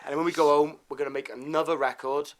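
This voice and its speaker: A Welsh man, a band member guest, joking through an interview in a laid-back, cheeky, deadpan way. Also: fairly high pitch, fast.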